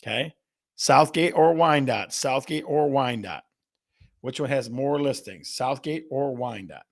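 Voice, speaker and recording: Guy hosting a live stream, raspy gravelly voice, keeps repeating stuff, pumped up. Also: mid-range voice, measured pace. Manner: energetic, repetitive, reads viewer guesses aloud. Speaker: real estate show host. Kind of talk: live-stream call-and-response game with viewers.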